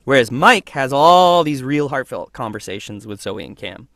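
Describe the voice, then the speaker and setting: A man who is a voice actor guest, talking through his work in a thoughtful, animated way. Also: mid-range voice, normal speed, no room sound, clean studio sound. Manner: thoughtful, animated, acts out voices mid-sentence. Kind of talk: casual interview conversation.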